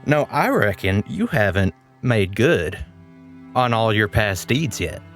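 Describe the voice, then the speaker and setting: A man's voice: fairly low pitch, animated, takes it slowly, fairly bright tone, soft background music. A man voicing a stern, no-nonsense woman healer who scolds with folksy phrasing. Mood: scolding.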